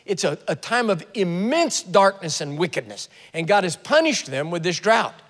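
A man preaching a sermon, telling a scripture story with animated retellings and sudden loud bursts. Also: sits high, moderate pace, in a large hall.

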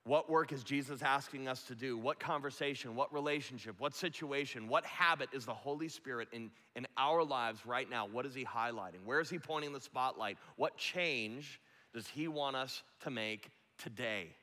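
A man's voice: medium pitch, normal speed, pushed and bright. A man preaching a sermon as pastor, impassioned and building to a rousing call. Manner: impassioned, preacherly, acts out quotes. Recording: long echo of a large hall.

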